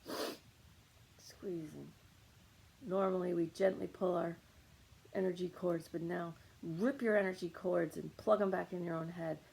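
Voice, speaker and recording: A woman's voice: lowish voice, fairly even intonation, normal speed, vocal fry, a little mellow, low-quality recording. A woman leading a guided meditation on anger, coaching listeners with short repeated commands.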